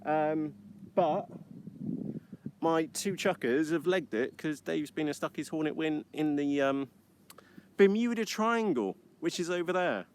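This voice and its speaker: This livestream host from the United Kingdom flies model aircraft in an outdoor field, filming on an iPad and rambling in a casual, cheeky way full of uhs. He sounds a little high and animated, keeps a measured pace, and there's slight background noise.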